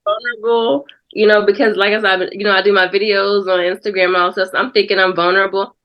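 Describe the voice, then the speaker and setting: A woman's voice: medium pitch, flat delivery, fast talker, dull audio. A woman guest on a faith podcast, speaking in a reflective, testimonial way and calling the host "girl.". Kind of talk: casual faith podcast conversation.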